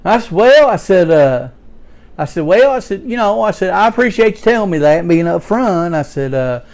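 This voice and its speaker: A man's voice: sits high, expressive, moderate pace, a little mellow. A man, playing a folksy redneck working man in a rambling comedic monologue, stammering as he tells his story.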